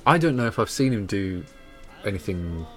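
A man's voice: fairly low pitch, animated, normal speed, faint music behind. A man hosting a podcast, chatting casually with dry, self-mocking humour and frequent laughter. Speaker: podcast host.

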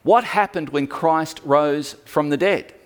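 A male pastor preaching a sermon, telling stories with animated emphasis. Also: on the high side, takes it slowly.

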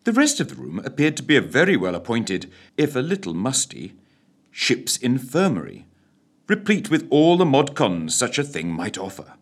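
A man's voice: medium pitch, big pitch swings, normal speed, slightly rough. Droll male storyteller with a swooping voice. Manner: theatrical, droll narration. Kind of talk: radio story reading.

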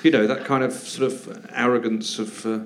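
A man's voice: medium pitch, steady tone, moderate pace, slight background noise. A comedian guest on a live podcast, a man who talks in a hesitant, rambling way with many fillers and a wry, sardonic edge.

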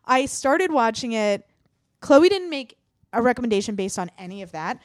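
A podcast host, she talks in a lively, swooping voice that climbs and drops as she rants. Her casual chat is emphatic and full of swearing. The sound is dry and close to the mic. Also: fairly high pitch, normal speed, no echo. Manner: animated, emphatic ranting with frequent swearing.

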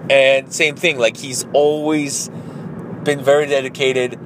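A man's voice: mid-range voice, little pitch movement, measured pace, noisy background. A man, a marathon runner, tells a story in a casual, rambling way, with many fillers and some swearing.

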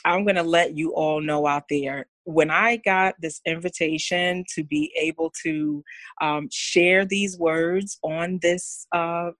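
A woman's voice: lowish voice, slow pace, fairly bright tone, no echo. A woman speaking as a guest on a podcast, earnest and candid about her own fears. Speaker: podcast guest, women's coach. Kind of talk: candid heartfelt interview talk.

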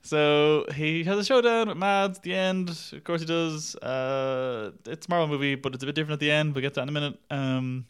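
A man's voice: a little high, brisk, hardly any pauses, smooth. Wry rambling man in casual chat. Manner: rambling, wry, laughs at his own jokes, swears. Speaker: podcast film reviewer.

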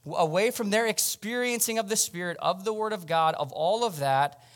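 A man's voice: sits high, moderate pace. A male pastor preaching a sermon at a church service in a conversational style, speaking directly to the congregation.

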